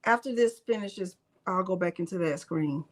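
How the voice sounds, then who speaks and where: Her voice sits on the low side and moves at a moderate pace as she hosts a relaxed live crafting session for her craft channel. Narrating each click and replying to viewers in chat, she occasionally talks to herself under her breath.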